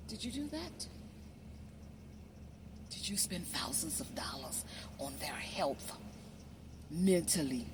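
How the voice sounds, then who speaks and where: Preachy woman with lively swinging pitch. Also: background noise. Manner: preachy, repeats "you see?"; emphatic, swings between loud and hushed. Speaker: social media commentator. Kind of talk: impassioned monologue.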